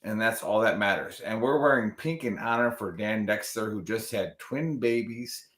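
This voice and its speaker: Bright-voiced man hosting a loose live show. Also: lowish voice, moderate pace, reverberant. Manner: loose, joking, rambling. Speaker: podcast host. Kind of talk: casual live show banter.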